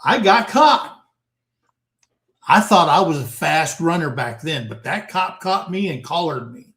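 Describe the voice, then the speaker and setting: Older male host in his 60s, unhurried folksy storyteller, a bit high-voiced, echoey room. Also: lively intonation, fairly bright tone. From United States. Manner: folksy storyteller, addresses listeners as guys. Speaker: talk show host. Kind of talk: casual panel chat, storytelling. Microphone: video call. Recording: roomy echoing room.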